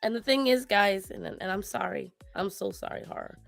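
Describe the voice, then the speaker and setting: A woman co-hosting a casual talk show, speaking to her viewers and giving pet advice in an animated way. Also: medium pitch, moderate pace, gravelly, no room sound, faint music behind. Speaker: co-host. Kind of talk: casual chat.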